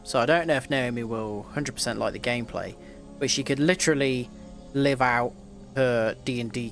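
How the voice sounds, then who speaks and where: A man's voice: mid-range voice, fairly bright tone. A man streaming a game, chatting casually and rambling with lots of filler words. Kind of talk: casual live gameplay chat.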